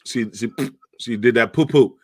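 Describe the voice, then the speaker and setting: A young adult man chatting casually, telling an animated, profane story and laughing often. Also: mid-range voice, measured pace, dry recording, clean studio sound.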